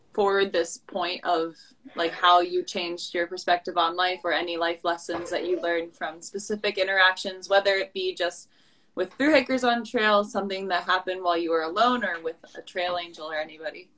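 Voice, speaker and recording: Low-voiced woman asking an interview question. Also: steady tone, moderate pace, a bit bright, slight background noise, rough recording. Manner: long, searching questions.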